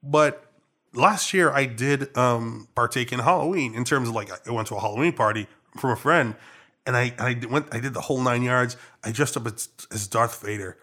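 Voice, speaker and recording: A young man from Trinidad and Tobago with a Trinidadian accent, co-hosting a casual chat and telling stories in an animated, playful way. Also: medium pitch, normal speed. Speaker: podcast co-host.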